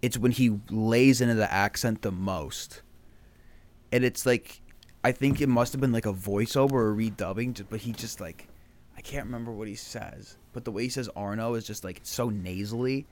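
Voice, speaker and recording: A young man chatting on a podcast, telling animated stories and swearing casually. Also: medium pitch, moderate pace. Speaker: podcast guest. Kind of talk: casual chat.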